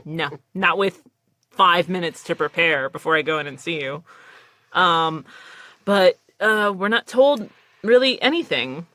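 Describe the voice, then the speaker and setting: A woman's voice: fairly low pitch, lively intonation, takes it slowly, pushed and bright, no echo. A woman voice actor in casual podcast chat, telling stories animatedly, acting out quoted lines and swearing casually.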